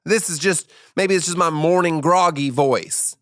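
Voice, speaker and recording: A bouncy, over-cheerful show-opener voice, as a man puts it on, pitched well above his usual talk. The patter is bright and eager, and it sits high in the voice throughout. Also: measured pace, dry recording, clean studio sound. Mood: defensive.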